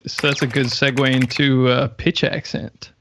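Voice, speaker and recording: A man interviewing in casual talk, asking slow, measured questions, with faint typing in the background. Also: medium pitch, little pitch movement, vocal fry, fairly bright tone, slight background noise.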